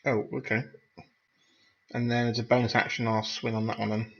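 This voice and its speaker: A man's voice: mid-range voice, little pitch movement, normal speed, creaky. A man playing a tabletop game, playfully describing his character's actions over a dull, lo-fi microphone with faint noise.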